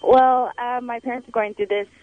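A man's voice: very high-pitched, steady tone, moderate pace. A man calling in to a radio show, telling a story in an eager, chatty way. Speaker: caller. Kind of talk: phone-in storytelling. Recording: dull phone-line sound.

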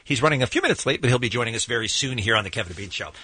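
A man's voice: medium pitch, very fast, breathy edge, dry recording. A middle-aged man hosting a morning radio show, chatting and reading a story aloud with lots of energy. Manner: animated storyteller, laughs while reading. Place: radio studio.

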